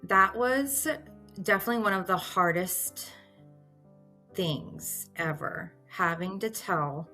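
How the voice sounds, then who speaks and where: Bright-voiced woman in her thirties. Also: lowish voice, slow, soft background music. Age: 30s. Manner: animated, acts out her own past reactions. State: near tears at times. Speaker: patient telling her story. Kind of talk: emotional personal storytelling.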